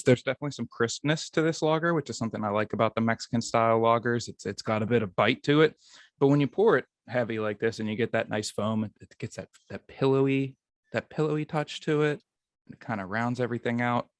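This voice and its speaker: A man's voice: mid-range voice, quick pace, no echo, studio quality. A man hosting a beer podcast, chatting casually and joking at his own expense. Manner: easygoing, self-deprecating joking. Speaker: podcast host.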